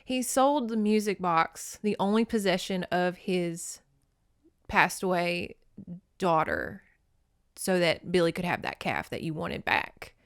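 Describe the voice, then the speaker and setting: A woman hosting a podcast, recapping a movie in an animated, emotional, casual way with some swearing. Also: on the low side, slow, clear, resonant tone, no echo, studio quality. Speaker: podcast host.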